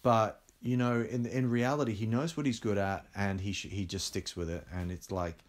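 A man's voice: lowish voice, moderate pace. An English-born middle-aged man, a film director, telling anecdotes in a casual interview with laughs along the way. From England. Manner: animated storyteller, laughs while talking.

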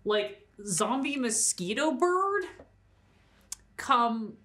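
A woman running a tabletop game as game master, describing monsters in a casual, drawn-out way with fillers and laughs. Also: a little high, big pitch swings, fairly bright tone, slight background noise.

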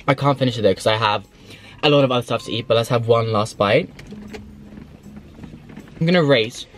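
A man chatters away from the driver's seat, excitable and rambling, with plenty of swearing. His pitch sits in an ordinary middle range, and music plays behind him. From Sweden. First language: Swedish. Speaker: food vlogger. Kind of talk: casual food review vlog. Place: in a car while driving.

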